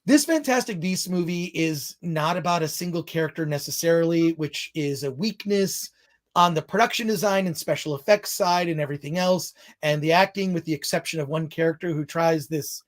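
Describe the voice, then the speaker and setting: A man's voice: on the high side, a little fast. A man hosting a film review show in casual chat, rambling off on tangents and restarting his sentences often.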